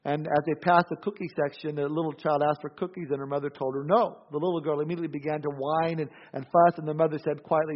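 A man's voice: on the high side, fairly even intonation, quick pace, few pauses. A man preaching a sermon as pastor, telling anecdotes with dry humor and often restarting words. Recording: dull lo-fi sound.

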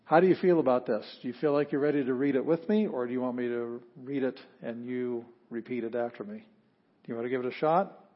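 A man teaching a language class, explaining patiently with frequent pauses and fillers. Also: mid-range voice, muffled recording. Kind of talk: classroom lecture.

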